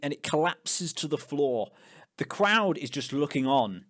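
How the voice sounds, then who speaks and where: A man's voice: a little high, expressive, measured pace, fairly bright tone. A man narrating a tabletop game as game master, casual and loose, with filler words.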